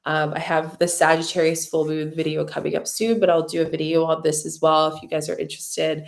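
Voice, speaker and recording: Low gravelly woman, effusive. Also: monotone, brisk. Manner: effusive, openly emotional, lots of gratitude; loose, rambling with many fillers. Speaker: spiritual mentor and channel host. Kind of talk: live-stream chat answering viewer comments.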